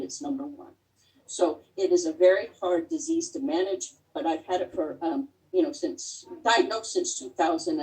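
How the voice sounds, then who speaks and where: A middle-aged woman giving a heartfelt personal talk as a guest speaker over a video call, pausing often with fillers. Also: low voice, warm tone, far from the mic, poor audio. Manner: earnest and heartfelt, with many pauses and fillers.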